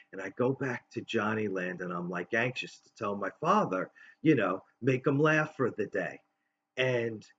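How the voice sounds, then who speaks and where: A man in his fifties hosting a show, telling a personal story in a halting, rambling way full of fillers and restarts. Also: mid-range voice, a bit bright, highs cut off, slight background noise. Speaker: host.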